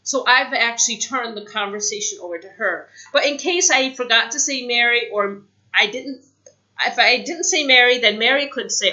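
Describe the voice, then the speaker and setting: A woman giving a casual spoken English lesson, chatty, saying example phrases slowly. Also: a little high, bright, forceful tone, highs cut off. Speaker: English teacher.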